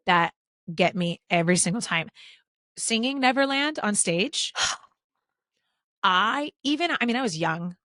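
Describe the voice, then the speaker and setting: A woman's voice: fairly low pitch, fairly bright tone, dry recording, studio quality. A woman in her thirties hosting a casual podcast interview, chatty and enthusiastic, with plenty of fillers. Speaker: podcast host.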